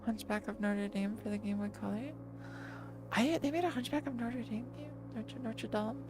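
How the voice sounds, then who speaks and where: A woman's voice: a little high, moderate pace, background noise. A woman streamer rambling casually to her chat while lying down, often correcting herself mid-sentence. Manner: rambly, self-correcting, chatty with viewers.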